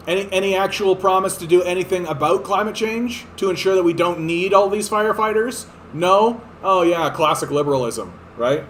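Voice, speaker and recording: A man's voice: sits high, a little hiss or hum. A man giving a sarcastic, profane, exasperated rant of political commentary. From Canada.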